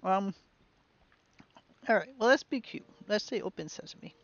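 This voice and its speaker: A woman giving chatty, musing let's play commentary on a game, with bursts of excitement. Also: medium pitch, measured pace, no room sound, dull audio. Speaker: game streamer.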